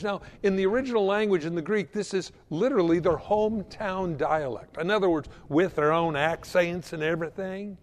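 A male pastor delivers a sermon, weaving in a story and stumbling over repeated words as he builds to emphatic points. His voice sits high for a man, and the long reverb of a church hall trails each phrase. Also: fairly quick, few pauses. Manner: stammering restarts, storytelling, rising emphasis.

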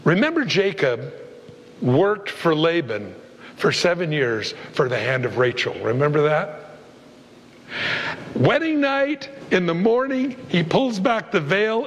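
A man preaching to his congregation with a high, lively voice that leaps up when he acts out the people in the stories. His words ring out with the long reverb of a large church hall. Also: a little slow, slight background noise. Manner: animated preacher, acts out voices of biblical figures with comic flair. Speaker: pastor. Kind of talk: sermon.

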